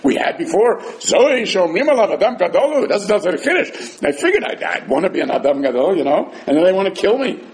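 A man teaching a Talmud class in a casual, animated way, often restarting his sentences. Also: high voice, a little fast, few pauses. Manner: animated, acts out dialogue, frequent restarts.

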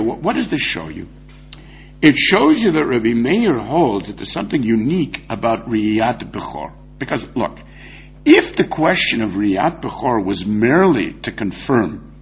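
A man giving a lively, argumentative Talmud lecture, acting out the rabbis he quotes. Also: medium pitch. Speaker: Talmud teacher. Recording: dull lo-fi recording.

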